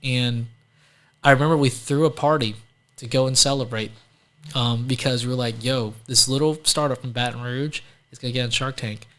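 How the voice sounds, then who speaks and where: In a casual storytelling interview, a guest entrepreneur from Louisiana talks at a moderate pace with fairly even intonation. His medium-pitched voice comes across bright and forceful, and he keeps saying "like" while acting out quoted people.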